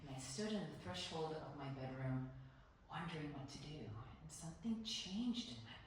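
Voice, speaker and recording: A woman in her fifties telling a personal story live to an audience, in an animated way. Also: low voice, normal speed. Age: 50s. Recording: echoey room from far off with faint noise.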